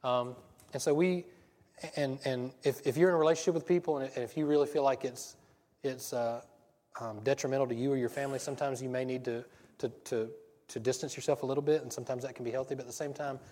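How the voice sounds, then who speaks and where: A man gives a casual sermon, talking quickly and wandering off into stories. He often trips over and restarts his phrases. His voice carries a long reverb from a large hall. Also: mid-range voice, steady tone, a little mellow. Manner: rambling, self-interrupting storyteller. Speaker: preacher.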